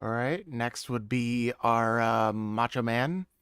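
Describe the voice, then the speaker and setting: A man with a bright, crisp voice hosts a tabletop game. He jokes and talks loosely, tossing in quick asides. The sound is dry and close. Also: mid-range voice, dry recording. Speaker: game master. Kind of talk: casual game intro chat.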